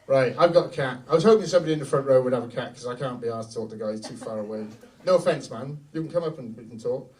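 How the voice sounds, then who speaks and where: A man's voice: medium pitch, fast, hardly any pauses. A middle-aged man doing a brash, profane stand-up set, telling stories on a comedy club stage, heard from a distance. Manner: brash, profane, animated storytelling.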